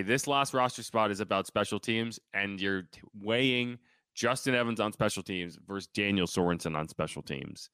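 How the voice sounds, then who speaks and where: A man with a low, bright and crisp voice co-hosts a casual sports podcast. He banters in a joking, sarcastic way. The sound is close and dry. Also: no room sound. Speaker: podcast co-host.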